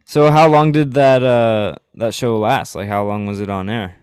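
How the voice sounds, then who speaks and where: Man, podcast host, low pitch, clear resonant voice, short replies. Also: steady tone, normal speed, darkish tone, no echo, clean studio sound. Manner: brief affirming responses. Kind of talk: casual interview.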